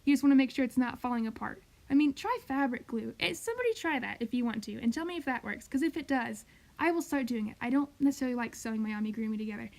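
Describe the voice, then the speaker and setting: A woman's voice: on the high side, lively intonation, fast talker, gravelly, darkish tone. Chatty young woman rambling through a craft tutorial. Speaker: crochet tutorial host. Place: home craft recording, voiceover.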